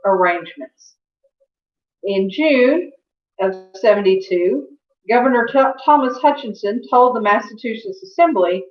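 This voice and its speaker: A woman giving a history lecture as a teacher, conversational, with fillers and self-corrections. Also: on the high side. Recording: echoey, dull lo-fi room sound.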